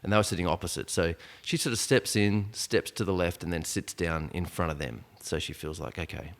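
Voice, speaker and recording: A man telling a tense story in casual podcast chat, animated and full of asides. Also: low-pitched, brisk. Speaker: podcast guest. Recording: long reverb, echoey room.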